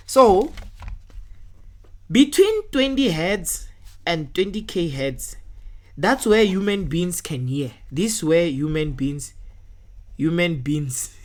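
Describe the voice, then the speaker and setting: A woman, a science tutor talking step by step through worked test answers and checking in often with her listeners. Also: fairly low pitch.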